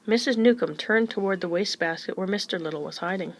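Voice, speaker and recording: A woman reading a children's chapter book aloud in a gentle, even storytelling manner. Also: medium pitch, fast talker, a little hiss or hum, poor audio. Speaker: reader.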